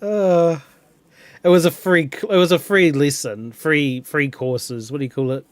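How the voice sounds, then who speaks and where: A man's voice: fairly high pitch, measured pace, no echo. A young man chatting casually over a game, rambling, chuckling often and restarting words. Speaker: gameplay streamer. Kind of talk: casual gameplay chat.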